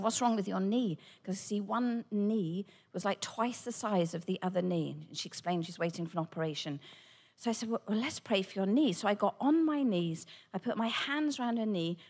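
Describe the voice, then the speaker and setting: A woman, a Christian speaker, telling a personal testimony with animated storytelling and acted-out dialogue. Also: mid-range voice. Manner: animated, acts out quoted dialogue.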